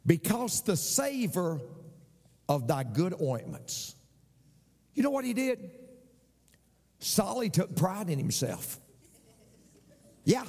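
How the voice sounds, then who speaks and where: A man's voice: high-pitched, sing-song, slow, pauses often, a little mellow, big-room sound. A man preaching a sermon as pastor, repeating phrases and asking the congregation for an amen.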